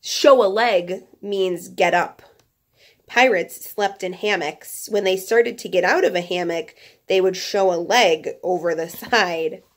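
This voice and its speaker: A woman's voice: lowish voice, measured pace. A woman teacher reading a children's nonfiction book aloud to her class, breaking off for chatty, playful asides.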